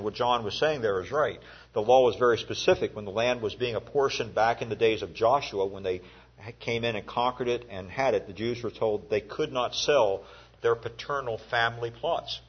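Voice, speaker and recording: A man's voice: mid-range voice, moderate pace, slightly rough. A man teaching a Bible class in a folksy, conversational way, telling the story and asking his students questions. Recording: dull lo-fi recording.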